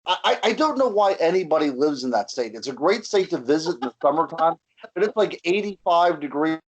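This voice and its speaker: A man's voice: fairly high pitch, animated, a little fast, husky, poor audio. A man guesting on a radio show over a video call, joking and self-deprecating. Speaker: guest researcher. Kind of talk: casual interview chat.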